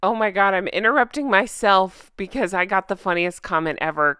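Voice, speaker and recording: Sarcastic woman vlogger, smooth close voice. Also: mid-range voice, fairly quick, no echo. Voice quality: self-described drunk-goose voice. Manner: sarcastic, animated, laughs often. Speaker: royal commentary vlogger. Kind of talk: casual sarcastic commentary.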